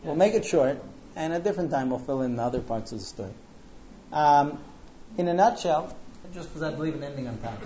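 A man teaching a Talmud class, telling a story in an animated, conversational way, recorded on a dull lo-fi recording. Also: a little high, brisk, a little hiss or hum. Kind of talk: storytelling lecture.

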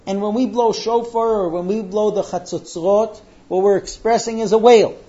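A man teaches a religious lesson, weaving in animated stories with frequent fillers. His voice is high yet mellow. The recording is dull and lo-fi. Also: moderate pace. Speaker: Torah teacher.

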